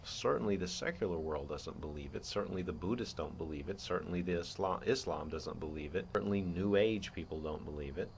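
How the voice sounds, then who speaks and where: A man's voice: deep voice, brisk, creaky, hardly any pauses, slight background noise. A man hosting his own show, laying out a theory in an earnest, rambling monologue with many restarts. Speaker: podcast host.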